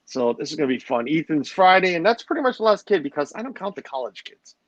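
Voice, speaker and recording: A man's voice: fairly high pitch, sing-song, quick pace, no echo, highs cut off. A middle-aged man hosting a livestream, rambling and joking as he greets his chat. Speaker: livestream host. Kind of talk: casual chat with a live audience.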